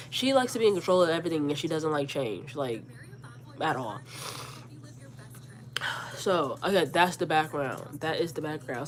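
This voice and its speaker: A woman in her forties, sick and stuffed up, animatedly retelling an argument and quoting both sides. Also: on the low side. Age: 40s. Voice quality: congested. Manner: animated retelling, quotes herself and her mother, repeats words. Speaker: vlogger. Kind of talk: storytime vlog.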